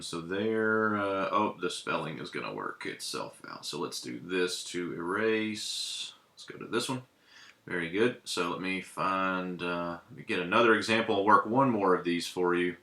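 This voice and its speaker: Male teacher, low voice with a bright edge, halting and full of fillers, echoey room. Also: gravelly. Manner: hesitant, many ums and uhs while writing. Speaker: Hebrew teacher. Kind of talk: casual classroom lesson.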